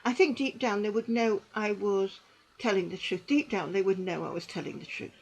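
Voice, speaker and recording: A middle-aged woman gives earnest personal testimony to camera, halting and repeating herself. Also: mid-range voice, poor audio. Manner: halting and repetitive, with restarts; earnest and emotional, with bitter dark humour. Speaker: survivor giving testimony.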